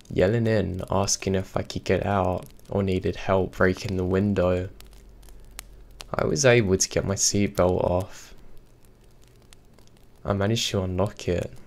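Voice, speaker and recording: A man reading true scary stories aloud in a steady, even storytelling delivery. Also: low-pitched. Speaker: horror story narrator. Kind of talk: scripted narration.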